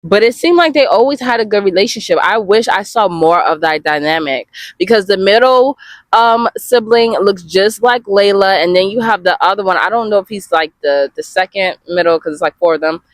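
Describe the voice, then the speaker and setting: Expressive woman chatting, dry close sound. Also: mid-range voice, normal speed, dry recording. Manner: expressive, swears freely, addresses viewers as y'all. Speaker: webcomic reviewer. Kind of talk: casual reaction review.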